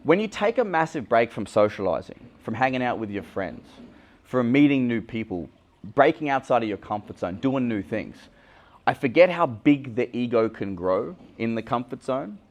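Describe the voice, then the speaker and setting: A man's voice: mid-range voice, big pitch swings, moderate pace. A young Australian man, a dating coach, talking casually and bluntly with frequent swearing. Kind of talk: candid vlog monologue.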